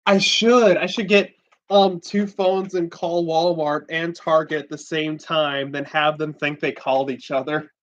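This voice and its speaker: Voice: mid-range voice, steady tone, a little slow. A young livestream host rambles through casual chat, full of fillers and swear words. The home-stream audio sounds slightly dull.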